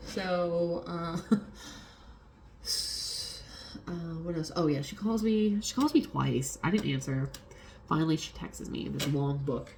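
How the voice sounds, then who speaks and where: A young woman vlogger tells a personal story in a casual, animated way, swearing freely and acting out the people she quotes. Her voice is deep and her pace measured, with slight background noise.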